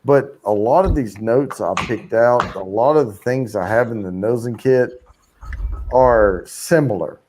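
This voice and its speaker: Slow-talking man hosting a live stream. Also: mid-range voice, a little hiss or hum. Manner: slow, relaxed talk with many fillers. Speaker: livestream host. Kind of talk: casual live-stream chat.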